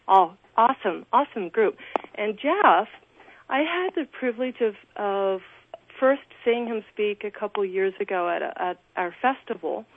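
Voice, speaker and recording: A woman's voice: medium pitch, lively intonation, moderate pace, a little hiss or hum. An actress being interviewed over the phone, gushing and restarting her sentences often. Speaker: actress guest. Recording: tinny phone line.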